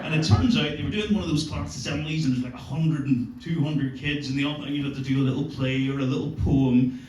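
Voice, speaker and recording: A man's voice: fairly high pitch, fast, crowd noise. A man in his forties doing a stand-up set, telling profane, swaggering stories about his family. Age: 40s. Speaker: stand-up comedian. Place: comedy club stage. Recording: roomy club sound, mic from a distance, audience noise.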